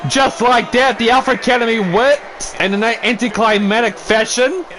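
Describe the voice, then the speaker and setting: A man casually giving play-by-play commentary on a wrestling video game, excitable, swearing and cheering on the wrestlers, while fighting off the hiccups. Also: extremely high pitch, normal speed, background noise. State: has the hiccups. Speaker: gameplay commentator.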